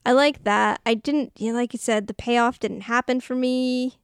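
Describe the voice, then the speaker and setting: Higher-pitched woman recapping a movie. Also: moderate pace, smooth, no echo, studio quality. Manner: animated retelling with playful character voices. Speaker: podcast co-host. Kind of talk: casual movie review chat.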